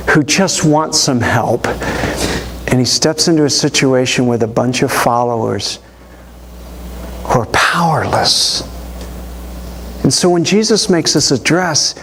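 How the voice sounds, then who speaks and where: A male pastor preaching a sermon in a church, telling the story in an animated way with quoted voices. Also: a little high, slight background noise.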